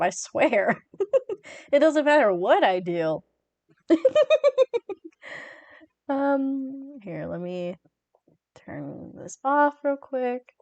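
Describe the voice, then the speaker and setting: A woman's voice: a little high, dry recording. A young woman streaming from home, chatting casually with her viewers and giggling constantly.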